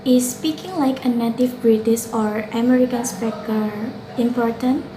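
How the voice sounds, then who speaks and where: A woman's voice: a little high, normal speed. A young woman student with an Indonesian accent, earnestly reading a prepared class reflection, with occasional slips and self-corrections. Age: young adult. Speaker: student presenter. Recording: roomy, with faint noise.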